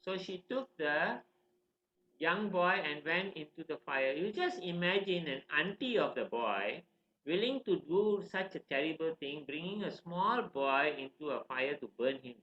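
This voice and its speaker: A man teaching a scripture class, telling a story in an animated, conversational way and asking the listeners questions. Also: a little high, measured pace, slight background noise. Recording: roomy, slightly dull recording.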